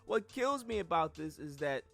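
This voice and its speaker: A man hosting a sports podcast in casual talk, emphatic and animated, often repeating words as he builds a point. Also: on the high side, moderate pace, creaky, faint music behind. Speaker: podcast host.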